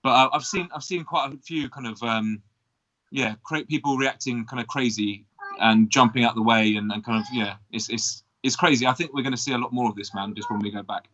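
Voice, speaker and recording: A man joins a casual podcast conversation, quick and blunt, with a teasing edge. His voice is bright and forward, and the recording has a dull, lo-fi quality. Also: mid-range voice. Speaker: podcast co-host. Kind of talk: casual chat.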